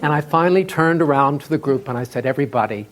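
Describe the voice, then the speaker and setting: A man telling a humorous story on stage as a live storytelling performance, in an animated way with laughs in his voice. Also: a little high, fast talker. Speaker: storyteller, tour guide. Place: festival stage before an audience.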